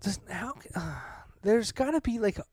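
A man's voice: high voice, expressive, moderate pace, a little mellow, dry recording, clean studio sound. A young man telling a ranting story in casual chat, exasperated and swearing, acting out what others said. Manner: exasperated, swearing, acts out quotes.

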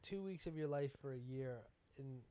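A man's voice: medium pitch, normal speed, mellow. A man from the United States, a comedian, in casual joking chat with loose, profane talk.

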